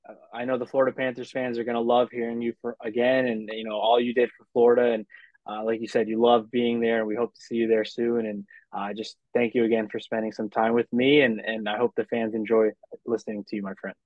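A man hosting a casual podcast interview, speaking haltingly with many restarts. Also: medium pitch, flat delivery, no room sound. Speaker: podcast host. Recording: dull dry lo-fi recording.

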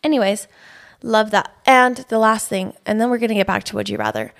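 Young woman co-host, gravelly voice, chatty gossip delivery. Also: medium pitch, a little fast. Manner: chatty, lots of fillers, gossipy. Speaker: podcast co-host. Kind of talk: casual chat.

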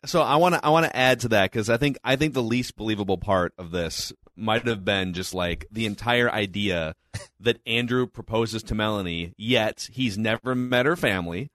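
A man's voice: on the low side, fairly bright tone, no room sound, studio quality. A man co-hosting a movie podcast, picking apart plot holes with incredulous questions. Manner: incredulous, rapid-fire questions. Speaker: podcast co-host. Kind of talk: casual movie review chat.

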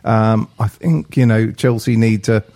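A man's voice: fairly low pitch, unhurried, warm tone. An English man hosting a football podcast, steering the conversation with light teasing. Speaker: podcast host. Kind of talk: casual chat.

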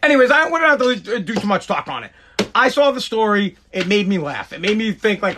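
A man's voice: high-pitched, expressive, a little fast, bright, forceful tone. A man in his forties, a podcast host, ranting crudely and jokingly in a rambling way, with stammered restarts. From United States. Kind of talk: casual comedic rant.

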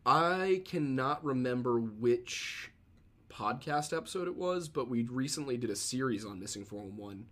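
A man co-hosting a podcast, teasing his partner in quick casual banter. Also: mid-range voice, animated, fairly bright tone. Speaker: podcast co-host. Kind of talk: casual chat.

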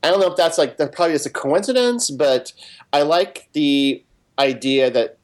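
A man guesting on a podcast in casual chat, relaxed, with a practiced announcer-like delivery when plugging. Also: a little high, normal speed. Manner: relaxed, plugs his show like an announcer.

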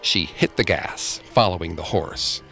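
Male narrator, low register, animated intonation, scripted ghost-story read. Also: unhurried, gravelly, faint music behind.

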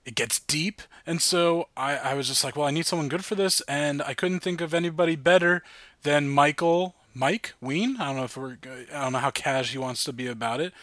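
A man's voice: on the high side, a little fast, fairly bright tone, no room sound. A man hosting a casual podcast, upbeat and rambling with lots of fillers. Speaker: podcast host.

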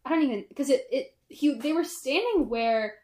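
A woman's voice: high voice, expressive, moderate pace, darkish tone. A woman co-hosting a podcast, chatting casually about a film and peppering her talk with "like". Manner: chatty, full of "like" asides. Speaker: podcast co-host. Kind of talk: casual movie-review chat. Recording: roomy echo.

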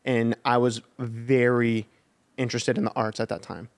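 A young man at a mid-range pitch talks as a podcast guest, easygoing and chatty. He strings his stories together with plenty of "like" and "kind of" as he goes. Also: normal speed, vocal fry. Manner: chatty, many "like" fillers, relaxed storytelling. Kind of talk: casual chat.

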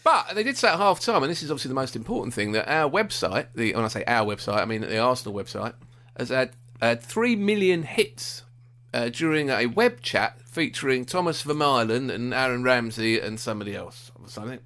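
A man co-hosting a football podcast, talking in an animated, indignant and self-mocking way in casual chat. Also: medium pitch, a little fast.

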